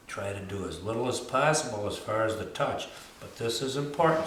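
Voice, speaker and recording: A man who trains dogs, talking through a demonstration in a folksy way, repeating himself and saying "you know" often, with soft murmurs to the dog. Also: medium pitch, lively intonation, moderate pace. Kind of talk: casual hands-on demonstration. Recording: echoey room with faint ambient noise.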